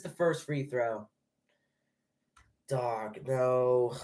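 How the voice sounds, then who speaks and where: This young fan's voice runs on the high side at a normal speed as he reacts live, play by play, to a game he's streaming. His nerves and excitement show in frequent stumbles and restarts.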